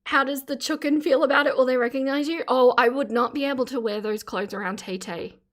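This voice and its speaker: A woman's voice: sits high, brisk. Gushing woman streamer thanking donors. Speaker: livestream host. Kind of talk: casual live-stream chat reading donations.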